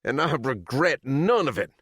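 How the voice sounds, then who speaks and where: In an audiobook character reading, a man voices a furious, vengeful mother held captive for decades, shrieking her accusations in a screaming, vindictive, bitter and trembling way. His medium-pitched, very animated voice is exaggerated and pitched above his own, a bit bright and husky, at a measured pace. The clean studio recording has no room sound.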